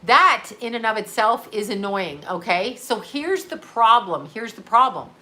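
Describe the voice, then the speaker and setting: A woman's voice: on the high side, lively intonation, unhurried, sharp tone. A woman telling a rambling story to her live viewers in a casual, chatty way, swearing freely. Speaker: livestream host.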